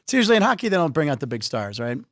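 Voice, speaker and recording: A man hosting a casual sports talk show, joking and bantering with quick stammered restarts. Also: a little high, very animated, no room sound, studio quality. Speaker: host.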